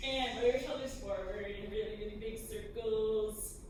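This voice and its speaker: A woman leading a choir through breathing and stretching warm-ups, giving step-by-step physical cues. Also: fairly high pitch, fairly even intonation, moderate pace, background noise. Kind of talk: vocal warm-up instruction. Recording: echoey room, distant mic, music.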